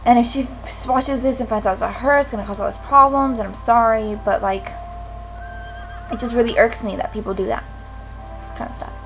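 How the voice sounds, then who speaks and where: Ranting teenage girl, slightly high. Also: steady tone, a little fast, fairly bright tone, soft background music, poor audio. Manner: frustrated, swearing rant. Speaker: vlogger. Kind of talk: ranting to camera.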